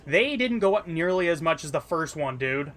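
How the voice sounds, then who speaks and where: Tired, chatty gamer man with a higher voice. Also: animated, normal speed, a bit bright, a little hiss or hum. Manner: chatty, exclamatory, breaks into laughs. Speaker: live streamer. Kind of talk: casual gaming stream chat.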